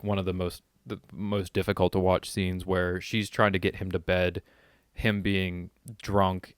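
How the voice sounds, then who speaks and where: A man co-hosting a podcast, recapping a film's plot in halting, reflective phrases. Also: deep voice, clear, resonant tone, no room sound, studio quality. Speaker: podcast co-host. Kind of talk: casual movie discussion.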